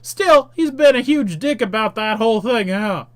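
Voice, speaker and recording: A man putting on a loud, jeering monster guy. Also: high voice, animated, moderate pace, dry recording, voice pushed up.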